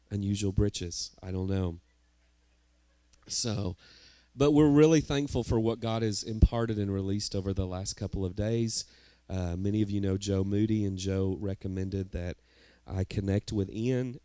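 Man, pastor, low mellow voice, dry sound, rambling with fillers. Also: smooth, no room sound. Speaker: pastor introducing a guest. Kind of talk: church announcement. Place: church sanctuary.

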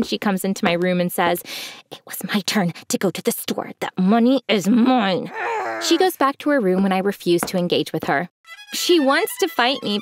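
A young woman narrating a first-person story in a scripted, expressive way. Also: mid-range voice, slight background noise.

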